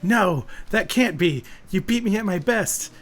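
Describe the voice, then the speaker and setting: A man doing a loud, whiny sore-loser rival. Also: sits high, animated, measured pace, faint music behind, voice pushed up. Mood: indignant. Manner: loud, indignant whining. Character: cocky young male rival, sore loser.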